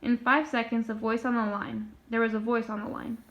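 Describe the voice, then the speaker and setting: Woman reading a kids' book out loud, kinda high voice, muffled lo-fi sound. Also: flat delivery, brisk. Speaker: storyteller. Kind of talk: reading a children's book aloud. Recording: dull lo-fi recording.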